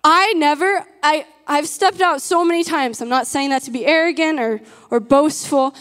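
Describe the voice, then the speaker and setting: A woman's voice: sits high, normal speed, a bit bright, in a large hall. A woman giving an earnest, emphatic sermon to a live audience and asking them questions. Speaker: preacher.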